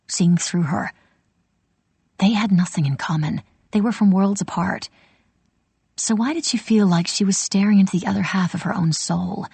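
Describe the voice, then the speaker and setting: A woman narrates an audiobook in a measured, storytelling way. Her voice sits low, with a gravelly, husky texture, and the recording is dry and close. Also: darkish tone, no echo. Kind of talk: scripted narration.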